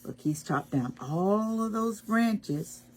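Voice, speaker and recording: A woman reading a picture book aloud to preschoolers, animated and asking the children questions. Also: mid-range voice, slow pace, slight background noise. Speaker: storytime reader.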